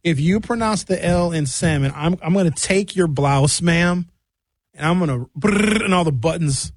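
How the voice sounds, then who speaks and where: Radio host guy, kinda high voice, dry close mic, fired-up rant. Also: moderate pace, dry recording. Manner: animated rant, mimics callers in higher voices. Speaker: radio talk show host. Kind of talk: talk radio monologue. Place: radio studio.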